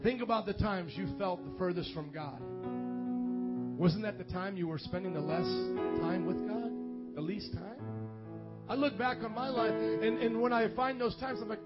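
A male pastor with a high voice preaches a sermon in a church, swinging from hushed appeals to fired-up acted-out dialogue. The recording sounds dull and lo-fi, with loud guitar music playing behind him. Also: normal speed. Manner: preaching with rising intensity and mimicked dialogue. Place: church sanctuary.

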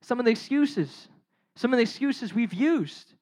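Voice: mid-range voice, expressive, measured pace, a little mellow. A preacher giving a casual, conversational sermon, retelling a Bible story in slang, acting out the characters' lines and putting questions to the listeners. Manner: asks the audience questions and addresses them directly.

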